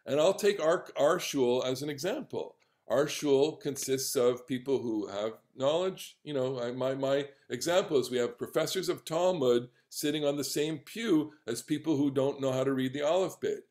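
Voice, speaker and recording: Halting middle-aged rabbi teaching a class. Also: male voice, mid-range voice. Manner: halting, many restarts and repeated words, animated. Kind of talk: conversational class discussion.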